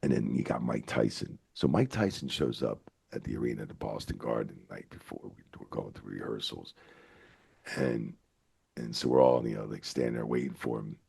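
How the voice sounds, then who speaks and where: A middle-aged retired wrestling referee, appearing as a podcast guest, tells animated stories at a moderate pace in a very deep, gravelly, husky voice. He is excitable and swears freely, his pitch leaping up whenever he retells a tale.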